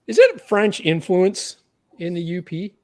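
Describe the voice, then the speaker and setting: A Canadian man hosting a livestream, his voice sitting a little high and swinging widely as he jokes and tallies points. He sounds playful and quick to laugh. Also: sing-song. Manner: playful, laughing, keeps score out loud. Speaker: podcast host. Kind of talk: casual livestream chat.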